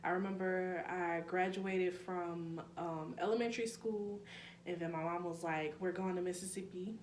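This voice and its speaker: A woman's voice: lowish voice, fairly even intonation, normal speed, darkish tone. A young woman from New Orleans with a New Orleans accent, chatting casually to her viewers in a vlog, with laughing asides and calling them y'all. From New Orleans, Louisiana. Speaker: YouTuber. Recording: echoey room with faint hum.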